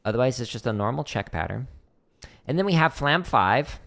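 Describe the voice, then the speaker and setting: A man livestreams a drum rudiment lesson from his home practice room, speaking into a desk mic at a moderate pace. His mid-range voice is expressive and fairly bright with vocal fry, and he stays chatty and loose, saying "like" often as he counts patterns out loud.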